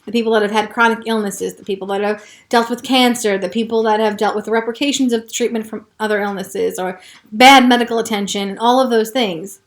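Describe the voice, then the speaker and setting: Frank, profane woman telling her story. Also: fairly high pitch. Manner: frank and profane, swings from hushed to heated. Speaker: podcast host. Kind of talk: personal storytelling monologue.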